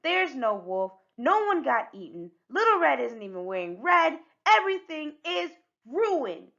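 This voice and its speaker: Lively female storyteller, higher voice, reads picture books, slightly muffled recording. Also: unhurried, gravelly. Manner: animated, expressive narration. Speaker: children's book reader. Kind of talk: read-aloud storytelling.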